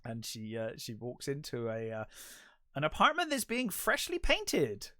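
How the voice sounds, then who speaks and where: A man's voice: mid-range voice, huge pitch swings, unhurried, bright, forceful tone, dry recording, clean studio sound. A man co-hosting a podcast, chatting casually and bluntly about a film, swearing freely. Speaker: podcast co-host.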